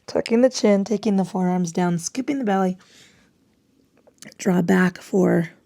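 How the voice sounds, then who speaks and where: Woman yoga instructor, gravelly voice, chatty and swearing, slightly breathless. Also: medium pitch, slow pace, mellow. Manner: chatty, swears casually, laughs at herself. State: breathing heavily. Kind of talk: guided yoga class with chatty asides.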